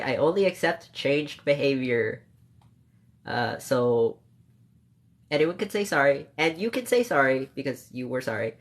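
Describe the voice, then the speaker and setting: A streamer telling a story to live chat in a casual, rambling way, turning emotional and playfully scolding viewers, with frequent swearing and quick self-corrections. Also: mid-range voice, fairly bright tone.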